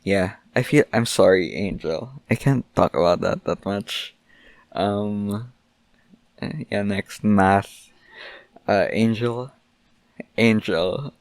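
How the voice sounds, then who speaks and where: A man's voice: fairly low pitch, slow, creaky, pauses often, no echo. A young man hosting his own podcast, rambling through a mock-angry, joking rant. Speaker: podcast host. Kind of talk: solo casual podcast rant.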